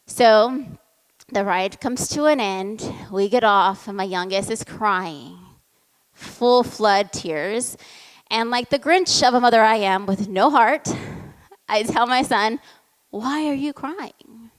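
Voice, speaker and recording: A woman giving a motivational talk and telling a family story in a lively way. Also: mid-range voice, slow, clear, resonant tone. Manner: lively storytelling, acts out the voices in quotes. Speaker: motivational speaker. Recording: long hall reverb.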